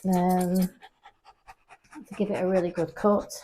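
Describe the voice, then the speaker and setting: Inside a grooming salon, a woman pet groomer chats casually through a vlog, explaining her work in a flat, unhurried delivery with background noise present. She's chatty and explanatory, switching to a high, coaxing voice when she talks to the dog.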